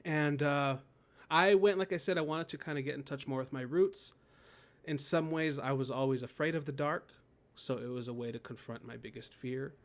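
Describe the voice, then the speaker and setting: A man's voice: a little high, fairly even intonation, moderate pace. Man, 30s, podcast guest; casual storyteller who laughs easily and acts out his inner voice. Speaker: guest, poet and death doula. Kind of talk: casual interview conversation.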